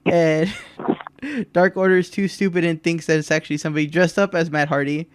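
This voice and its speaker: Lively man retelling wrestling skits. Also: a little high, a little fast, smooth, dry recording. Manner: animated retelling, mimics wrestlers' lines with laughs. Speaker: podcast co-host. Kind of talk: casual chat recapping a wrestling show.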